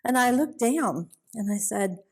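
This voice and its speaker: A woman's voice: fairly high pitch, expressive, measured pace, a little hiss or hum. A middle-aged woman speaking at a women's conference, telling her personal faith story in an earnest, emotional way. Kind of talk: personal testimony. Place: conference hall.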